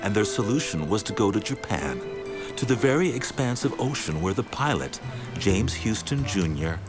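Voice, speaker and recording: A man giving measured, dramatic scripted narration for a documentary. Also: fairly low pitch, very animated. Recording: music bed underneath.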